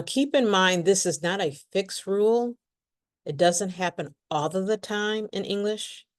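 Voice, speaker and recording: A woman giving a pronunciation lesson in a lowish voice. She speaks slowly and carefully, saying each word clearly so learners can repeat after her. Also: darkish tone. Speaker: English pronunciation teacher.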